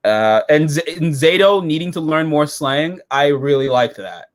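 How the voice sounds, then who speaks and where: Man, casual episode review, profane, excitable, lively swooping pitch. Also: measured pace. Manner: profane, excitable, jumps into silly quoted voices.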